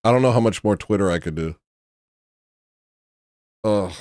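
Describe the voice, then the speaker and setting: A man's voice: lowish voice, moderate pace, darkish tone, dry recording, studio quality. A man hosting a casual livestream, chatting to viewers and gushing, sometimes dropping to a choked near-whisper. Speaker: livestream host.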